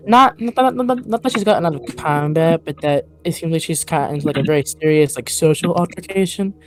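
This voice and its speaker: A woman's voice: sits low, darkish tone. A woman narrating a tabletop game as game master, describing scenes in a hesitant way full of fillers.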